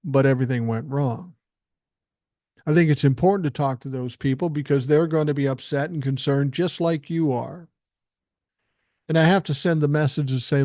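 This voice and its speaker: A man's voice: a little high, normal speed, darkish tone, no echo, clean studio sound. Blunt, profane older man, podcast host. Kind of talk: solo political podcast monologue.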